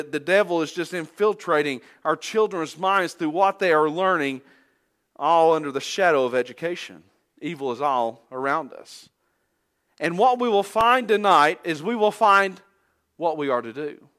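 A male preacher delivers a sermon in a high-pitched voice. He speaks slowly and earnestly, leaning on repetition to drive each point home. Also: fairly bright tone. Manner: earnest, emphatic repetition, occasional restarts.

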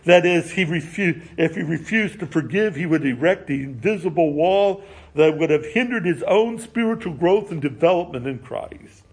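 A middle-aged male pastor preaching a sermon in a slow, measured way, letting his phrase endings drop low and soft. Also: husky.

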